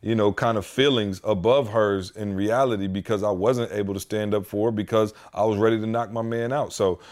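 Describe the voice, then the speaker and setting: A man's voice: fairly low pitch, steady tone, fairly quick, a little mellow. A man co-hosting a podcast, talking in an earnest, reflective way. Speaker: podcast co-host. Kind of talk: casual podcast chat.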